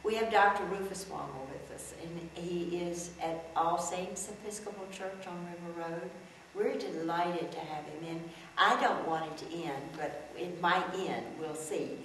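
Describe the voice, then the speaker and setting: A woman's voice: fairly low pitch, a little slow, fairly bright tone. Effusive woman hosting a TV talk show. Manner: effusive, gracious welcoming. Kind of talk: TV interview. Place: TV studio. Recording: roomy, distant mic, faint noise.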